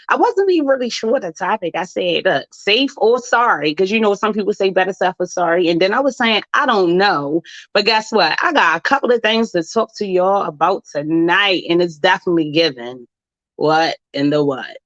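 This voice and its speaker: A woman hosting an internet radio talk show in a casual, animated way, playful catchphrases and a spoken prayer. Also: mid-range voice, no echo, lo-fi sound. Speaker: host.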